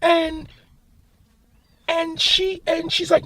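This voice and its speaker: A man with a strikingly high, gravelly voice tells a spooky family story in loose podcast chat. He rambles, swears casually, and slips into short bits of the people in the story. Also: steady tone, normal speed.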